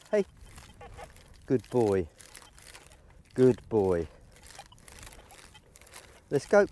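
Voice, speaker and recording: A man leads a dog-training lesson out in an open field, talking through each step in a calm, instructive way. His voice is warm and mellow, and it jumps up high and excited whenever he praises the dog. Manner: explains steps calmly, breaks into high excited praise for the dog. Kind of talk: outdoor training demonstration.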